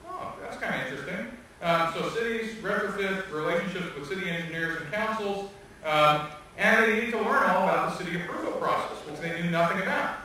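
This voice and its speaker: High bright-voiced man lecturing in an echoey hall. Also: brisk, distant mic, slight background noise. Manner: animated, joking, laughs often. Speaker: guest speaker. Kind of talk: lively lecture storytelling.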